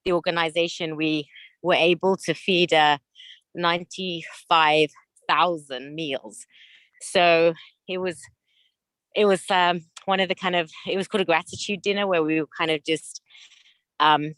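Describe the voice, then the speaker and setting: A woman's voice: low-pitched, fairly bright tone, clear, resonant tone, no room sound. A woman chatting as a guest on a video call, out of breath as she walks uphill outdoors, talking in a chatty, rambling way. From California. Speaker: guest dentist and coach. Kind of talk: casual chat. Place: outdoors on a hill. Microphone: phone at arm's length on video call.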